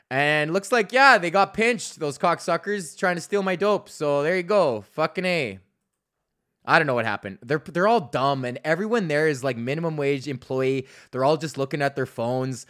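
A man's voice: fairly high pitch, expressive, normal speed, bright, forceful tone. A man, hosting a podcast in a rambling, profane casual rant full of mockery. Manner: swears constantly, rambling and mocking. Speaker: podcast host.

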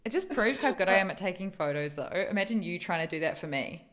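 Animated lower-voiced woman podcast co-host. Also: quick pace. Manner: animated storyteller, acts out quotes, laughs often. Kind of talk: casual chat.

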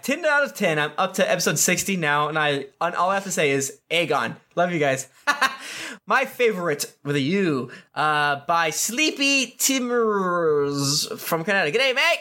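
A man's voice: high-pitched, bright, forceful tone. A man co-hosting a podcast, reading listener reviews aloud with playful, jokey asides.

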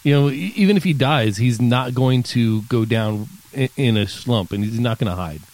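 A man with an ordinary mid-range voice chats as a podcast co-host. He talks in a relaxed, reflective way, pointing out small details. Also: medium pitch, moderate pace, rough recording. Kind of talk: casual chat recapping a TV episode.

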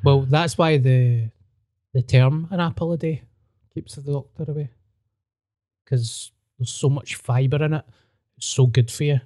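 A man's voice: medium pitch, steady tone, a little slow, pauses often, mellow, dry recording. Laid-back man, dry sound. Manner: laid-back, short replies, swears. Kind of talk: casual chat.

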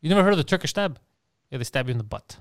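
Fast, clear-voiced man telling stories. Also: fairly high pitch, no echo, clean studio sound. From Greece. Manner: animated storyteller who teases. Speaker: podcast co-host. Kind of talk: casual chat.

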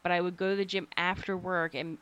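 A young American woman co-hosting a relaxed podcast. Her voice sits a little low, and she rambles through stories with frequent laughter and casual swearing. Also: fairly quick, clean tone, muffled recording. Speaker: podcast co-host. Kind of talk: casual chat.

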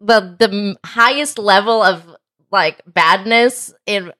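A woman playing in a tabletop game, chatting in and out of character in a rambling, lively way. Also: medium pitch, takes it slowly. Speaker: player. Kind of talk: tabletop role-play chat.

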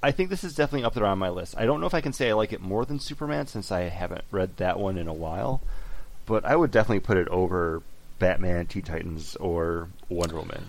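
A man's voice: low-pitched, lively intonation, fast talker. A man talking casually and animatedly with friends on a podcast, with many fillers and restarts. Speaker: podcast co-host. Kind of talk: casual chat.

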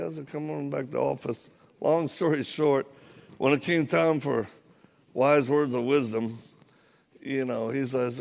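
A man's voice: mid-range voice, steady tone, moderate pace, creaky, a little mellow. A man, a former Marine, preaching a sermon in a church, telling a funny story with acted-out dialogue. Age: adult, former Marine. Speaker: guest preacher. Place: church, live audience.

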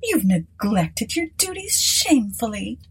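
A woman voicing a hardened, bitter woman who runs a remote plantation, in a high, breathy voice. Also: very animated, unhurried, heavily acted, low-quality recording. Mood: brittle, bright.

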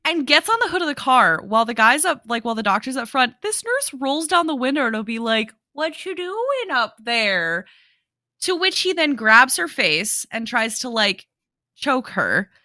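A woman's voice: a little high, big pitch swings, normal speed, sharp tone, no room sound, clean studio sound. A young adult woman co-hosting a podcast, explaining a movie's background at length and recounting scenes play by play. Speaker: podcast co-host. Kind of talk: casual movie discussion.

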